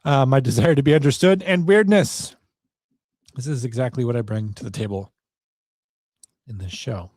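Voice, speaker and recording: A man's voice: mid-range voice, normal speed, long pauses, darkish tone, no room sound, studio quality. A man hosting a solo podcast, rambling in a wry, self-deprecating way. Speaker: podcast host.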